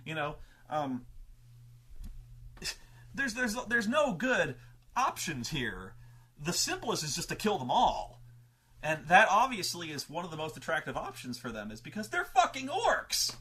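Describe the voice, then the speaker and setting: A man in a casual, swearing monologue about tabletop games, his pitch swinging widely as he acts out players' lines. His voice is bright and forceful, a little high for a man. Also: wildly swooping pitch, unhurried, slightly rough. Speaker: show host telling tabletop gaming stories.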